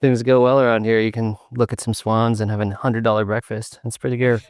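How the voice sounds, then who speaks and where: A man's voice: lowish voice, level tone, a little fast, clear, resonant tone, no echo, studio quality. A man from the United States, a sales consultant, speaking as a guest on a video call podcast in a rambling, jokey way. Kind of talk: interview conversation.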